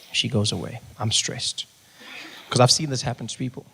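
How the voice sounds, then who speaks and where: A male comedian doing stand-up, telling a story in an animated way with bursts of shouting. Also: medium pitch, moderate pace, creaky, slight background noise.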